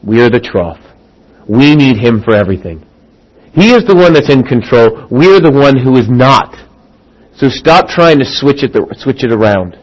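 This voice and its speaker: Animated preacher man, loud to hushed. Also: mid-range voice, normal speed, rough recording. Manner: animated, acts out quoted voices, wide swings from loud to hushed. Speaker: pastor. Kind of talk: sermon.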